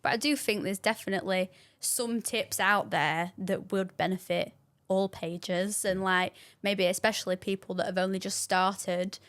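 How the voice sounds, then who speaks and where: Young adult woman, mid-pitched, relaxed and chatty podcast guest. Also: moderate pace. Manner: chatty, filler-heavy. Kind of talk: casual chat.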